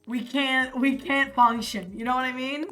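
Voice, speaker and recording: A woman's voice: sits high, steady tone, moderate pace, bright, forceful tone. A young American woman streaming, chatting casually in a rambling, profane way with lots of fillers. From United States. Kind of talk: casual live-stream chat. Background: faint music.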